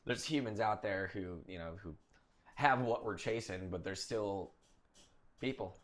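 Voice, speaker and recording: A man's voice: on the low side, unhurried, crowd noise. A man on a casual chat as the guest, giving short upbeat reactions. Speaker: podcast guest.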